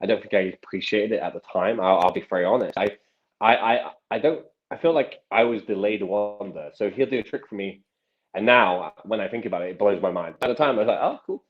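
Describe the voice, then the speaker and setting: A man's voice: fairly low pitch, a little fast, narrow, tinny audio. A man in his thirties, a magician guest, telling stories in casual interview chat with many restarts and acted quotes.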